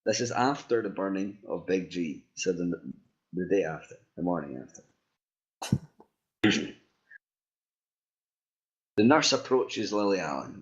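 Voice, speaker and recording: A man's voice: deep voice, animated, slow, long pauses, highs cut off. A man reading a group-written story aloud in a laid-back, crude way, stopping to fix mistakes. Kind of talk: casual read-aloud storytelling.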